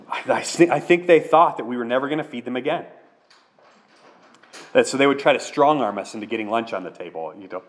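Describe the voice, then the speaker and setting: A man's voice: medium pitch, fairly quick. Earnest male pastor preaching. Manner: earnest, questioning, conversational. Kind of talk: sermon.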